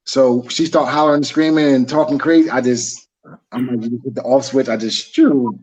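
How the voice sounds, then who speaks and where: A man co-hosting a casual chat, explaining his view in a relaxed, humorous, conversational way. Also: mid-range voice, normal speed, slightly rough, rough recording. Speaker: podcast co-host.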